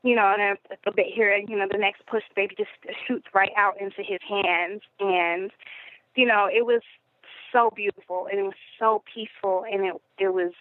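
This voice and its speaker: Woman, guest, casual storytelling, medium pitch, phone-like sound. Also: steady tone, normal speed, no room sound. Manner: rambling, with many fillers and "you know". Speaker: guest telling her birth story. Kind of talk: conversational podcast interview. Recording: phone-like narrow audio.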